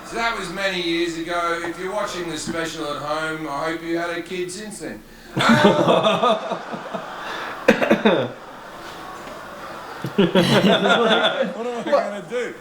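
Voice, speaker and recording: A man's voice: sits high, slow pace, pauses often. A male stand-up comedian telling a crude anecdote on stage in front of a live audience. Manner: crude, swearing anecdotal delivery. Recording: echoey live venue with audience noise.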